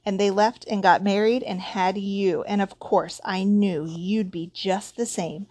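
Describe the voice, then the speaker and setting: A woman voicing a shrill, bitter aunt who rants loudly about her family in a storybook reading. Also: steady tone, measured pace, dry recording, natural voice. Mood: ranting. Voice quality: shrill, loud. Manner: ranting.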